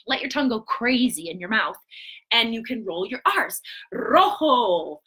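A woman hosting a live stream for preschoolers, talking in an animated, sing-song way with gasps and quick asides. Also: on the high side. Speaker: children's entertainer host. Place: home.

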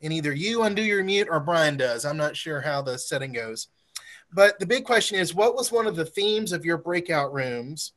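A man with a somewhat high voice hosts a church forum over a video call. He talks in a friendly, coaxing way as he calls on participants to share. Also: expressive, normal speed, a bit bright. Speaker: forum host.

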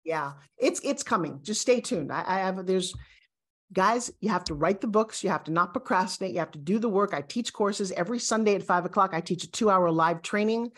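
A woman in her sixties appears as a guest on a motivational interview, speaking with emphasis, animation and confidence. Her voice sits at a medium pitch and moves fairly quickly.

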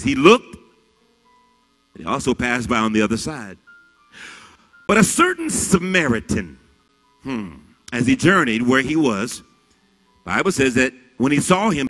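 A man's voice: medium pitch, fairly bright tone. A man preaching a sermon as pastor, reading scripture dramatically with varied emphasis. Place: large church sanctuary. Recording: reverberant church hall with faint music.

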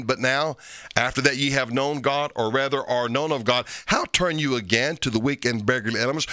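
This sermon comes from a bright-voiced, forceful male pastor of medium pitch, in a dry recording. He preaches emphatically, rising sharply on repeated phrases, and reads scripture in archaic wording.

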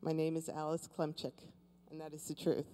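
Lady volunteer on stage, soft mellow voice, short answers, a bit away from the mic. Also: sits low, completely flat delivery, a little fast, slight background noise. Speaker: volunteer from the audience. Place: seminar room with live audience.

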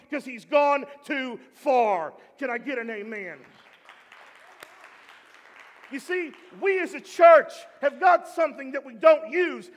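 A man preaching a sermon as pastor, animated, swinging from shouting to quiet asides. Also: very high-pitched, big-room sound. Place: church sanctuary.

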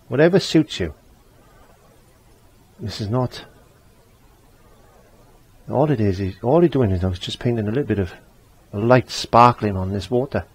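A man's voice: fairly low pitch, a little mellow, husky. A man giving a chatty step-by-step painting tutorial, repeating phrases as he works. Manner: chatty, repeats himself while working. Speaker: painting teacher.

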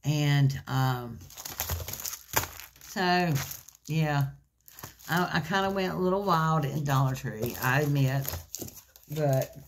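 A woman's voice: deep voice, takes it slowly, long pauses, noisy background. A woman, chatting in a gushing, folksy way as she shows off craft supplies in a haul video. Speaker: craft vlogger. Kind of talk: casual haul video chat. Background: faint crinkling of plastic packaging.

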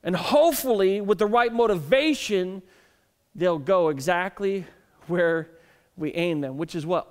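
A male pastor in his thirties giving a conversational sermon, telling family stories and often restarting his words. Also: high-pitched. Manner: conversational, self-deprecating storytelling with frequent repeated starts. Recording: long reverb of a church hall.

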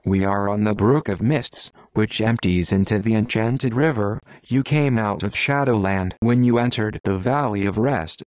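Guy voicing a wise old storybook trout, solemn warnings, low dry voice. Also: moderate pace, hardly any pauses, a little mellow, no echo, lightly acted. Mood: calm. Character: wise cautious male trout guide.

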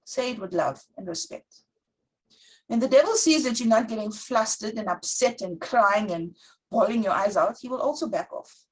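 Husky-voiced woman teaching a sermon. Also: on the high side, animated, rough recording. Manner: earnest, slows to read scripture aloud. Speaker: Bible teacher.

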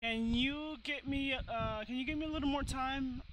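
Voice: sits high, moderate pace, noisy background, pitched above the performer's own voice, lightly acted. A streamer voicing a frail, sorrowful old widow woman in a game, with a tremulous, pleading way of talking. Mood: tearful. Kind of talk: gameplay voice reading.

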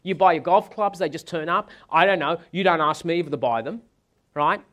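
A man acting out his exasperated wife, complaining quickly and indignantly about wanting a ring. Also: on the high side, a bit bright, close to an everyday voice.

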